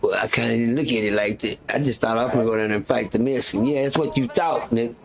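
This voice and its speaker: A man hosting a live talk show, telling a jail story in casual, profane slang and acting out the people he quotes in a high, loud voice. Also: racing, vocal fry, husky.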